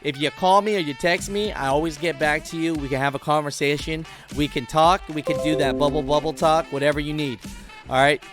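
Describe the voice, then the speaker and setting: A man's voice: on the high side, fairly even intonation, brisk, over music. A man hosting a live trucking call-in show, talking loosely and laughing often. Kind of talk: casual live-stream talk.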